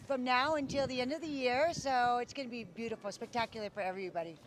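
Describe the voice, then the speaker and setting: A woman's voice: fairly high pitch, fast talker, a little hiss or hum. A woman interviewed outdoors by an ice rink, talking in a friendly, loose way. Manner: friendly, loose, uses fillers. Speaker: town events guest. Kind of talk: on-location interview.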